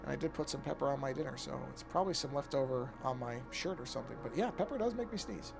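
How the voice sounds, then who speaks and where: A man's voice: medium pitch, fast talker, gravelly, over music. A middle-aged man chatting casually on a live art stream as he paints, thinking aloud with many restarts and yawning now and then. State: yawning often. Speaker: artist streaming his work.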